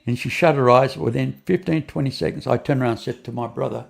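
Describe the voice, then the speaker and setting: Soft music plays in the background as an older man with a gravelly, medium-pitched voice talks briskly. Appearing as an interview guest, he tells a long personal story, rambling, repeating phrases, restarting often, and acting out other people's lines.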